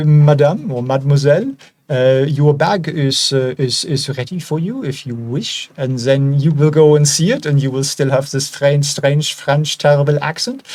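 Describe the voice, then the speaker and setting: Sardonic man talking stocks. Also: a little high. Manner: sardonic, joking asides. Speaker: host. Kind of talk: casual commentary on stocks.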